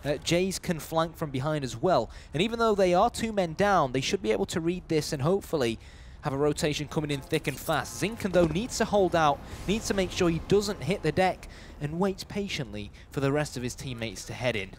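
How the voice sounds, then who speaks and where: A man's voice: fairly high pitch, brisk, hardly any pauses, a little hiss or hum. A man casting live esports play-by-play, building hype around each kill. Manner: excitable play-by-play, bursts of hype on kills.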